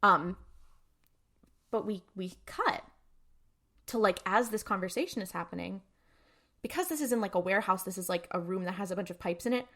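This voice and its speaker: A woman's voice: mid-range voice, moderate pace, long pauses, fairly bright tone. A woman co-hosting a podcast, casually recapping an episode in a rambling way with lots of fillers. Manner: rambling, filler-heavy retelling. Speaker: podcast co-host.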